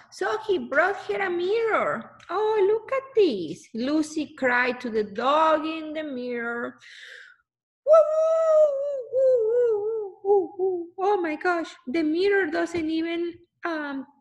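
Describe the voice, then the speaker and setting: A woman reading a picture book aloud to children, exclaiming often and stopping to ask the listener questions. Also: sits high.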